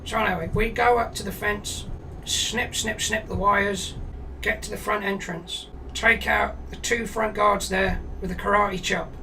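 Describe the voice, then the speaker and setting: A British man with a high, gravelly, bright voice spins a crude comic tale. He talks in a flat, deadpan way and swears freely. He sits a little back from the mic, and a faint hum runs underneath. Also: measured pace, recorded from a distance, low-quality recording. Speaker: streamer telling a comic story. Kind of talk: rambling comic storytelling.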